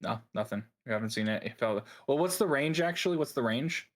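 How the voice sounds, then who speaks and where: A man's voice: medium pitch, lively intonation, brisk. A man acting as game master, narrating a tabletop game and working through rules on the fly with frequent laughs.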